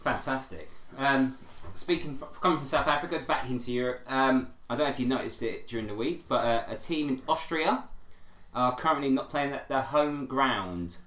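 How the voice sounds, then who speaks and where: Brief: male co-host, mid pitch, easygoing and hesitant, roomy echo. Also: normal speed, fairly bright tone. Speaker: podcast co-host. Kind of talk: casual football chat.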